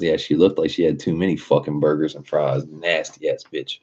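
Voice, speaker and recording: A man's voice: very deep voice, steady tone, normal speed, dark tone, dull audio. A man hosting a casual livestream, telling a rambling, profane work story and laughing at himself. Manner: profane, rambling storyteller who laughs at his own stories. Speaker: livestream host.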